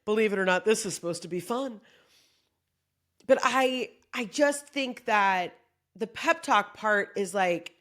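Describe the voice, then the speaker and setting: A woman's voice: mid-range voice, unhurried. A woman comedian delivering a casual motivational monologue, joking and swearing freely as she talks. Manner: profane, joking, animated. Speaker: comedian giving a pep talk.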